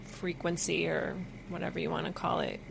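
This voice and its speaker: A woman hosting a podcast interview over a video call, reflective and affirming with soft murmurs. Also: deep voice, flat delivery, normal speed, gravelly, noisy background. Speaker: podcast host.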